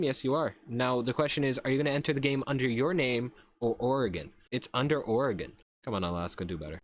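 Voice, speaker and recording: A young man giving loose, unscripted commentary over a game. He talks in a sarcastic, self-mocking way and swears freely. His pitch sits in the ordinary middle range for a man. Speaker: YouTube commentator. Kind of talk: casual gameplay commentary.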